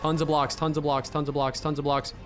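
A young man giving excitable gameplay commentary as a YouTuber, dropping to mutters and bursting into shouts. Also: a little high, brisk, faint music behind. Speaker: gaming YouTuber.

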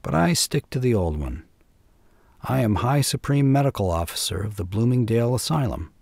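A man's voice: expressive, normal speed, vocal fry, a little mellow, no echo. Man voicing a sly, mad old doctor. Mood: sly, unhinged. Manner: rambling, low and sly with laughs. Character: mad old male doctor, genial then menacing. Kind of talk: audiobook character reading.

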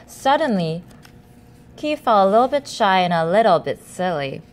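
Animated woman reading a picture book aloud. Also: medium pitch, normal speed. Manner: animated, expressive. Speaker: storyteller. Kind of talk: children's book read-aloud.

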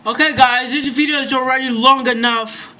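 A young man commentating his own gameplay, excitable and jumpy, swearing often. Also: very high-pitched, normal speed. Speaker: gaming YouTuber.

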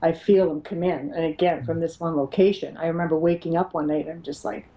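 A middle-aged woman, a paranormal investigator, telling her experiences as an interview guest, animated and laughing often as she acts out what others said. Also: low voice, a little fast, highs cut off. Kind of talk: storytelling in an interview.

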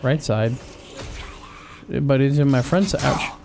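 A young man narrates his play-through in loose, casual commentary, cursing and taunting the enemies he fights. His voice sits at an ordinary middle pitch. Game music and combat sounds play clearly behind him. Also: slow. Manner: profane, joking trash talk at enemies. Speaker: gaming channel host.

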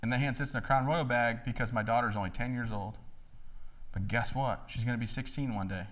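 A man in his thirties giving a joking, animated talk to a live audience in a hall. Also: mid-range voice, a little fast. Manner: joking, animated, acts out voices. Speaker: motivational speaker.

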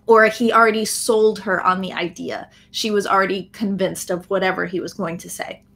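An American woman teaching English in a live online lesson explains phrases in a medium-pitched, gravelly, slightly bright voice. Her tone is steady and her pace moderate, and she often says "um" and checks in with "right?".

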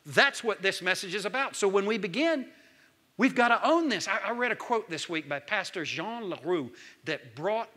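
A man, preaching a sermon as pastor, swinging between loud calls and hushed lines. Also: high voice, expressive, moderate pace.

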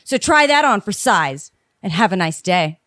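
Polite, spiteful voicemail from an elderly female con artist, read aloud by a woman podcaster. The delivery is measured and courteous, with the menace tucked underneath. Close, dry sound with no room echo. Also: medium pitch, big pitch swings, a bit bright. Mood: politely spiteful. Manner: sweetly polite with a spiteful edge.

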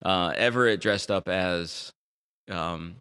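A man's voice: sits low, slow pace, bright, forceful tone, clean tone. A middle-aged man co-hosting a podcast in casual chat, trading dad jokes playfully. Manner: dad-joke teller, playful. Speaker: podcast co-host.

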